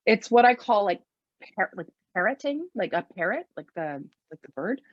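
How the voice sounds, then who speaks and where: A woman's voice: mid-range voice, very animated, moderate pace, no echo. Chatty woman giving parenting tips, dull dry sound. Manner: chatty, lots of "like" and fillers, acts out quoted phrases. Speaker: parenting speaker. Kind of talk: casual talk.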